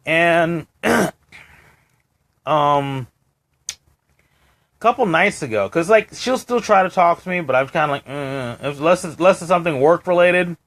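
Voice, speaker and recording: A man's voice: on the high side, a little slow, pauses often. A man co-hosting a casual live-stream chat, telling a story with lots of restarts and acted-out quotes. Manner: animated storytelling, acting out quoted voices, many restarts. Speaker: co-host.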